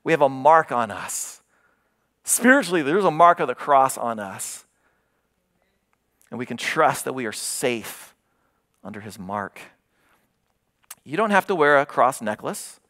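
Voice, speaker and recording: A man preaching a sermon as pastor of his church, expressive, his voice climbing as he retells a scripture story and dropping low to stress a point. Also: measured pace, pauses often.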